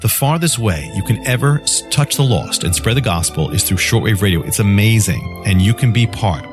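A male radio preacher delivering a scripted devotional, storytelling and then pitching free offers emphatically. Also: animated, normal speed, music in the background.

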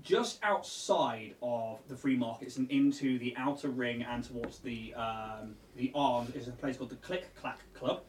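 A man's voice: mid-range voice, unhurried, hardly any pauses, echoey room, recorded from a distance, a little hiss or hum. A man narrating a tabletop game as game master, chatty and casual with many fillers.

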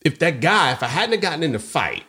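Speaking quickly in a fairly high voice, this middle-aged man co-hosts a podcast. He's an animated storyteller, relating a personal story casually and performing the quoted voices of those involved.

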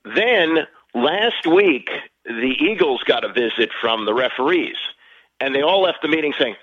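A man calling in as a guest over the phone, chatting about sports in a lively, conversational way. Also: medium pitch, measured pace, no room sound. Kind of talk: casual sports talk. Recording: muffled phone line.

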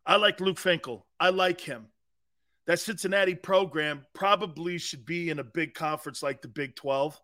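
A man's voice: on the high side, normal speed, bright, forceful tone. A man hosting a sports talk show, brash and boisterous, laughing often as he riffs.

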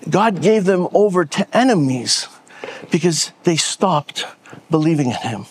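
A man's voice: on the high side, very animated, a little slow, breathy edge. A pastor preaching a sermon from the stage, often repeating words as he builds to a point and rallying his listeners. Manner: repeats words when stressing a point, rallies the audience.

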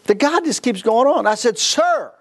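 Speaking fairly quickly and animatedly in a very high voice, this guest preacher in his fifties shares a story within a sermon. Frequent laughter and restarted sentences mark his delivery.

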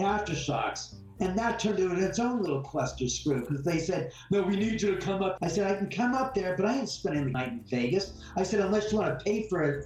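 A man's voice: fairly high pitch, a little mellow. A man being interviewed, bluntly telling a heated story and acting out the exchanges in it. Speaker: guest homeowner. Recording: roomy, distant mic, faint music behind.

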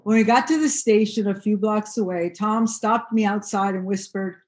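A woman reading her own first-person memoir aloud in a steady, measured storytelling voice. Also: mid-range voice. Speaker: narrator.

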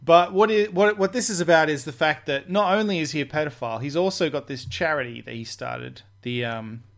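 Laughing, chatty man with slightly high voice. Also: brisk, vocal fry. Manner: chatty, laughs often, restarts sentences. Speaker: podcast host. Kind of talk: casual chat.

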